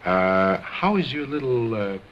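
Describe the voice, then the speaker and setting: A man's voice: medium pitch, sing-song, measured pace, lo-fi sound. Grand showman ventriloquist man. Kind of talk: stage comedy act.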